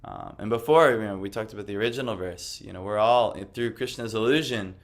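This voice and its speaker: A man with a fairly low voice tells a personal story in a loose, conversational way. He rambles with many fillers and restarts and sounds quietly amused at himself. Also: big pitch swings, a little fast, gravelly. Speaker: devotional speaker. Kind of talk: casual personal testimony talk.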